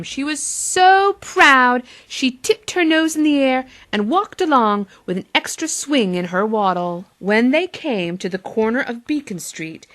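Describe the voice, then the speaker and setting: A woman's voice: fairly high pitch, a bit bright. A woman teacher with a Boston accent reading a picture book aloud to young children, with playful asides to them.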